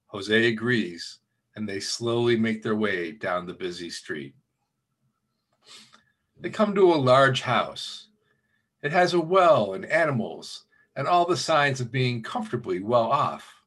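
A man's voice: mid-range voice, lively intonation, slow, pauses often, a bit bright. A man, the minister, telling a Christmas story during a church service and lightly voicing the characters.

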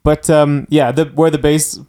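A man's voice: fairly high pitch, flat delivery, a little slow, warm tone, clean tone. A man co-hosting a casual review chat, talking in a thoughtful, hedging way. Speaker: podcast co-host reviewing a concert.

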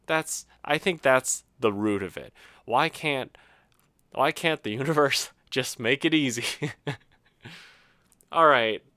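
A man's voice: mid-range voice, lively intonation, unhurried, a bit bright, dry recording, clean studio sound. A man hosting his own show, talking casually and rambling through his small frustrations with self-mocking humor. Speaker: host. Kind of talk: casual solo monologue.

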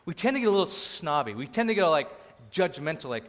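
A man preaching a sermon as the pastor, animated, acting out quoted voices, moving between loud bursts and quiet asides. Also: a little high, fast talker, hardly any pauses. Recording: long hall reverb.

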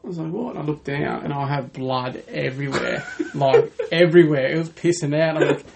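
A man's voice: on the high side, normal speed, creaky, noisy background. An Australian man telling golf stories in a casual chat, laughing often as he talks. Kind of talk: casual storytelling.

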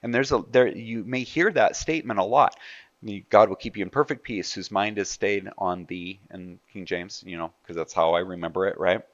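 A man's voice: on the low side, normal speed, dry recording, highs cut off. A man preaching a sermon in a conversational way, asking his listeners rhetorical questions. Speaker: pastor.

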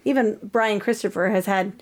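A woman with a mid-pitched voice, co-hosting a casual podcast. She cuts in now and then with explanations and follow-up questions. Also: normal speed. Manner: chimes in with explanatory follow-ups. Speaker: podcast co-host. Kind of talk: casual chat.

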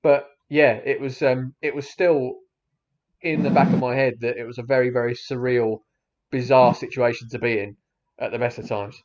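A man's voice: mid-range voice, steady tone, normal speed, noisy background. Male co-host, thirties, rambling and hesitant, slightly muffled recording. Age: 30s. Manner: hesitant, rambling, lots of fillers and restarts. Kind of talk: casual storytelling chat.

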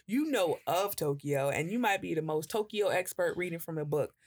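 A woman's voice: on the low side, moderate pace. A woman co-hosting a podcast, telling stories in casual chat, swearing, laughing and acting out the voices of people she quotes. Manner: animated storyteller, acts out quoted voices, laughs and swears freely. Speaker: podcast co-host.

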